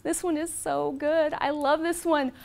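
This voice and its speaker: A woman in her forties speaks with a high voice as she gives an inspirational presentation. She tells heartfelt personal stories in an animated, expressive way to a live audience in a presentation room. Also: a little slow, gravelly. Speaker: motivational speaker.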